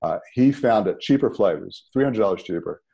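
Deep-voiced man telling his story. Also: brisk, vocal fry, slightly rough, dull audio. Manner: animated, rises sharply when emphatic. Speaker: podcast guest. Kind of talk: conversational storytelling.

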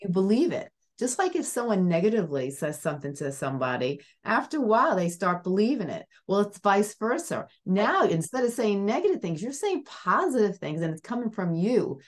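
A woman hosting a podcast interview, affirming her guest and quick to agree. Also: medium pitch, very animated. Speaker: podcast host. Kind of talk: casual interview talk.

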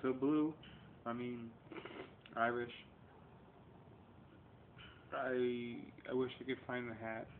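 A man's voice: medium pitch, level tone, slow, long pauses. A man in his thirties, talking straight to camera in a rambling, profane vlog that swings between confrontation and emotion. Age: 30s. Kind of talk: casual vlog rant. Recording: tinny lo-fi webcam audio with faint noise.

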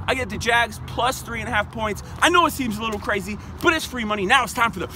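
A man's voice: extremely high pitch, fast, heavy background noise. A young man hosting a comedic sports betting vlog, brash, boastful and profane, recorded outdoors in a parking lot. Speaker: sports picks vlogger.

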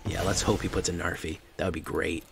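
A man's voice: deep voice, little pitch movement, a little fast, creaky. A man streaming a card game, chatting casually and rambling with lots of fillers and laughs. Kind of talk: casual chat while playing a card game. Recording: faint background noise.

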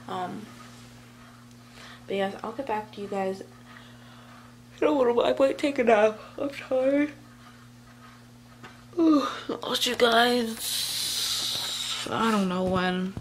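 Rambling vlogger woman with a gravelly voice. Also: fairly high pitch, takes it slowly, pauses often, noisy background. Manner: meandering, full of fillers and restarts. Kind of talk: casual rambling vlog. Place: at home, indoors. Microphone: handheld phone camera.

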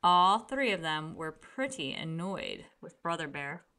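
A woman reading a children's picture book aloud with gentle, expressive storytelling. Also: lowish voice, measured pace, noisy background.

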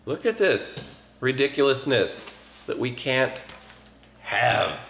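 A man's voice: mid-range voice, very animated, slow, vocal fry, a bit bright, a little hiss or hum. A man chatting casually in a family vlog, rambling and joking, with lots of "like". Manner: rambling, jokey, full of "like" and restarts. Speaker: family vlogger.

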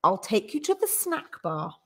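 A teacher voicing a nervous, fussy middle-aged husband in a picture book, hesitant and hasty. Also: female voice, mid-range voice, very animated, unhurried, a bit bright. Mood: flustered.

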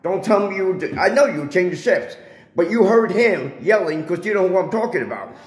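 Man, high-pitched, argumentative, lecturing tone, phone recording, echoey building hallway. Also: expressive, moderate pace. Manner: confrontational, lecturing, repeats himself. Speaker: resident filming a confrontation. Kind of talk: heated confrontation, filmed on phone. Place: public area of a residential building, indoors. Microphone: handheld phone camera.

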